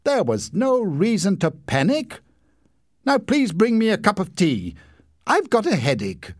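A man's voice: mid-range voice, wildly swooping pitch, measured pace, slightly rough, dry recording, clean studio sound, voice pushed up, full character voice. A man voicing a self-important young know-it-all who whines and lectures in a storybook reading. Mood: haughty. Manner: haughty, whining, self-important.

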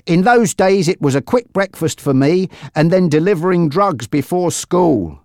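A narrator voicing a brisk, practical father in a storybook reading. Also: medium pitch, lively intonation, a little mellow, no echo, studio quality, voice pushed up, close to an everyday voice.

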